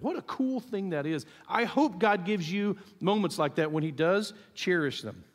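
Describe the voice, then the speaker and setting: Pastor preaching in a reverberant hall. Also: male voice, high-pitched, normal speed, few pauses. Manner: storytelling, animated, acts out quotes. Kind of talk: sermon. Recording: long reverb of a church hall.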